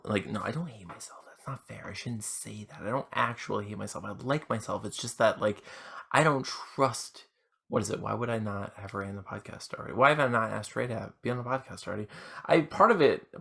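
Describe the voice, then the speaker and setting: A drunk man talks on and on in a casual podcast monologue. His voice sits a bit low and has a gravelly fry. He stumbles through restarts and keeps making fun of himself. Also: fairly bright tone. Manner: rambling, self-deprecating, halting restarts. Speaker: podcast host. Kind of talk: rambling casual monologue answering questions.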